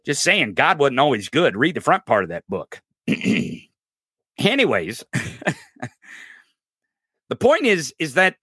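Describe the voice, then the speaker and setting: A podcast host rants casually about politics in a medium-pitched voice with a breathy edge, taking it slowly and pausing often. He's profane, rambling and animated, laughing and stumbling over his words a lot, in a dry, studio-quality recording.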